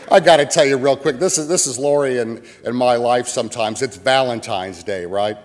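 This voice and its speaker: A Midwestern pastor tells folksy, joking stories from the pulpit. His voice sits at an ordinary middle pitch. Long reverb trails behind him as it rings through a church sanctuary. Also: moderate pace, few pauses. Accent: Midwestern American. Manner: folksy storytelling with jokes. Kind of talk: sermon.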